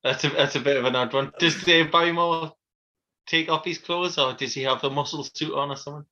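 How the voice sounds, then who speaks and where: A man chats casually, reacting fast and laughing often. His voice is very bright and sharp, pitched a little high. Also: fairly even intonation, lo-fi sound. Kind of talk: casual chat.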